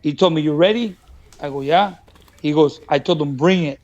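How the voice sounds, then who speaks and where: A man's voice: on the high side, normal speed, muffled recording. A man, a boxing trainer from Mexico, telling a story as a podcast guest, acting out what people said and laughing often. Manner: animated, acts out quoted dialogue, laughs often. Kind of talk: casual storytelling. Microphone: studio podcast mic.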